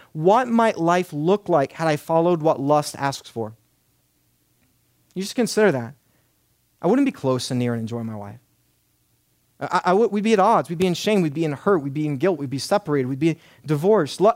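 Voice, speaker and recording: Pastor type, man in his thirties, earnest emphatic sermon delivery, slightly high pitch, dry close sound. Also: no echo. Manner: earnest, emphatic preaching with repeated lists.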